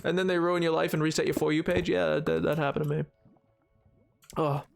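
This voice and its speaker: A man's voice: on the high side, a little fast, creaky, faint music behind. A man live-streaming a video game, chatting casually and jokingly with his viewers. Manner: animated, jokey, does silly voices. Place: at home, playing a video game.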